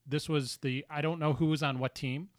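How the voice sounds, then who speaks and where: Measured male co-host. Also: a little high, steady tone, no room sound, studio quality. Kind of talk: casual podcast chat.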